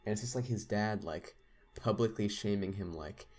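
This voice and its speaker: A man's voice: lowish voice, moderate pace, a little mellow. A young man telling a long story in casual podcast chat, rambling with lots of fillers. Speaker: podcast co-host.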